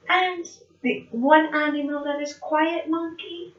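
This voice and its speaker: A woman teacher giving an online lesson to young children, speaking slowly and clearly and going from whispers to shouts for effect, in an echoey room. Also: high voice. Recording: echoey room, dull sound.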